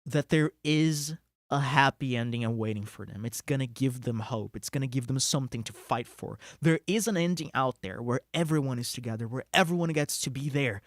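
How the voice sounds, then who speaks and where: An excitable game streamer giving live-stream commentary, thinking aloud, swearing and laughing between words. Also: medium pitch, a little fast, no echo, clean studio sound.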